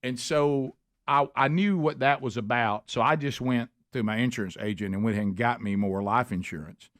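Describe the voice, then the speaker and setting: A man's voice: mid-range voice, fairly quick, a bit bright, dry recording. A middle-aged man with an Alabama accent hosting a radio talk show, telling stories in a chatty, joking way. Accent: Southern US, Alabama. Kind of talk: casual radio banter.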